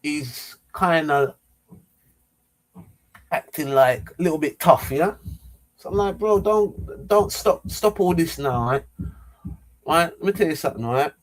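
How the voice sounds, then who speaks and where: A middle-aged man tells a story straight to camera in an excitable, animated way. He stumbles and repeats words and acts out the lines of the people in it. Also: on the high side, measured pace, long pauses. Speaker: vlogger.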